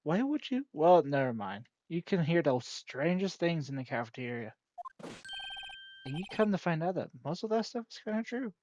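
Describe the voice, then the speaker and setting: A curious young defense lawyer who asks pointed questions with a wry edge, as a man reads him out. The voice sits slightly high and close to everyday speech. The recording is dull and dry. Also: big pitch swings, moderate pace, a little mellow, dry recording.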